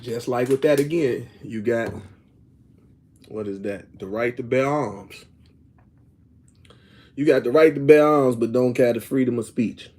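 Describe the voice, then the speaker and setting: A middle-aged man holds forth to his viewers in loose, rambling talk. He circles back on himself and keeps checking that they follow him. His voice is mellow and warm, set at an average pitch for a man. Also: measured pace, pauses often. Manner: rambling, repeats "you know what I'm saying"; reads viewer comments aloud. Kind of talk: casual opinion talk to viewers.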